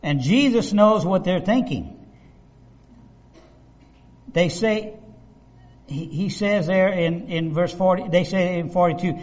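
A man preaching a sermon, animated and conversational, acting out the voices of the people he describes. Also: sits high, takes it slowly, pauses often. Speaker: pastor. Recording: dull lo-fi recording.

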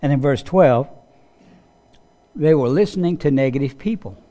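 A man's voice: a little high, expressive, moderate pace, mellow. A man preaching a sermon as a pastor. He tells Bible stories in a conversational way, asks the listeners questions and acts out the voices he quotes.

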